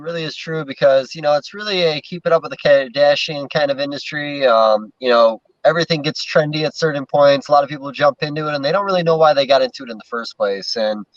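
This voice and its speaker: A man's voice: fairly high pitch, dry recording. A male podcast host chatting loosely, swearing and filling his speech with "um, you know.". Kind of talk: casual chat. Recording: dull, muffled lo-fi sound.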